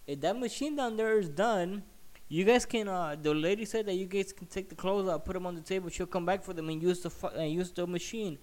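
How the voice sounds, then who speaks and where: A man putting on a high-voiced pushy woman. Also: brisk, darkish tone, lightly acted. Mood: bossy. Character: pushy middle-aged woman at a laundromat.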